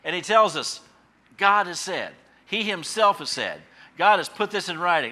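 A middle-aged man preaching in a relaxed, storytelling way that rambles through ums and restarts. He suddenly punches key phrases harder. His voice sounds bright and forward and sits a little high for a man. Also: normal speed. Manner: folksy, storytelling, loose with fillers and restarts. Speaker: pastor and Bible teacher. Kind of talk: conversational radio sermon.

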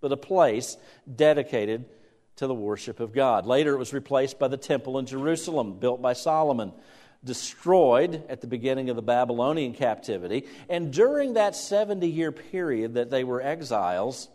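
A middle-aged man preaches in a conversational way, breaking off to act out anxious parents calling for a lost child. His voice sits at an ordinary pitch and carries a long reverb through a church hall. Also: expressive, normal speed, a little mellow. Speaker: pastor. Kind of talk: sermon.

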